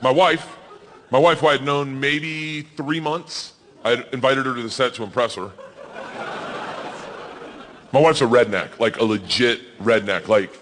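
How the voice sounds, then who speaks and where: A man in his forties doing stand-up storytelling, loud and animated, yelling the quoted lines. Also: medium pitch, a little slow, pauses often, big-room sound, slight background noise. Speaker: stand-up comedian. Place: comedy stage.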